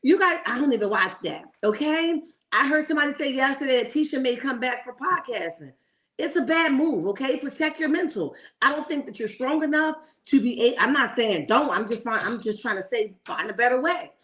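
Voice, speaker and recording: A woman's voice: sits high, animated, a little fast, fairly bright tone. A woman hosting a casual reality TV commentary livestream, opinionated and chatty, greeting viewers in the chat and checking in with "okay?".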